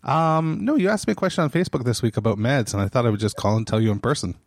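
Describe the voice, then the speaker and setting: A man's voice: medium pitch, animated, fast, vocal fry, dry recording, studio quality. A man hosting his own podcast, talking casually and off the cuff, often laughing and restarting his phrases. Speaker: podcast host.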